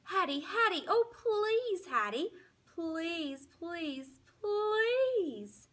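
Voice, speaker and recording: A woman's voice: high voice, big pitch swings, measured pace, bright, forceful tone, breathy edge, voice pushed up, heavily acted. A woman voicing an eager, dramatic young male dog who pleads and whines theatrically. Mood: whining.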